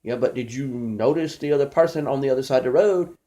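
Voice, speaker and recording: A man's voice: mid-range voice, quick pace, warm tone. A man doing a rambling, conversational stand-up comedy monologue, storytelling with many restarts.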